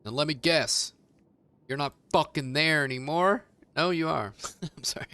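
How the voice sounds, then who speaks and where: A man's voice: a little high, moderate pace, sharp tone, no room sound. Rambling, foul-mouthed male streamer. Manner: rambling, profane, laughs often. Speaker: game streamer. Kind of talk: casual gaming stream chat.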